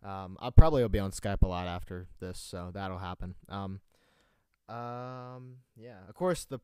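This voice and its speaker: Low-voiced young man joking on air. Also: moderate pace, a little mellow, clean tone, dry recording, studio quality. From North Carolina. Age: young adult. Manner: joking, rambling, laughs often, relays a caller's words. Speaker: host of a live stream show. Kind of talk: casual joking chat.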